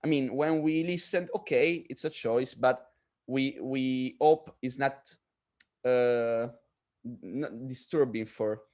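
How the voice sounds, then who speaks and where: A male film director, a native Italian speaker, explaining his work in halting English full of fillers and restarts. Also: medium pitch, a little mellow. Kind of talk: casual interview conversation.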